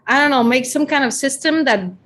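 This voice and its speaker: A woman with an Italian accent hosting a casual group video call, playful and quick to laugh. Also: high-pitched. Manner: playful, laughs often, animated asides. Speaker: host of group coaching call.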